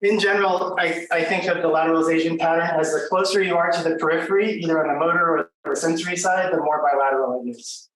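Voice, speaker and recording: A man with a slightly high voice gives a conversational academic lecture, full of fillers and restarts. He is picked up from a distance in a very echoey room, with faint background noise. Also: fairly even intonation, quick pace, hardly any pauses, fairly bright tone.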